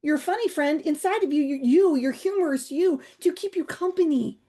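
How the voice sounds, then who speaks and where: A woman's voice: high-pitched, moderate pace, mellow. A middle-aged woman comedian and humor coach, chatting as a podcast guest, playful and acting out voices in her stories. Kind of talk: animated podcast chat.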